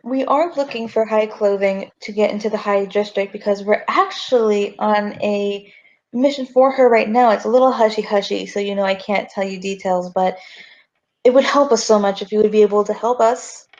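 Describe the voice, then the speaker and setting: A woman's voice: medium pitch, normal speed, a little mellow, natural voice. A friendly adventurer coaxes and sweet-talks in a slightly raised, chatty voice, as a woman player speaks for her. The tone stays chummy and persuasive. The recording sounds dull and lo-fi.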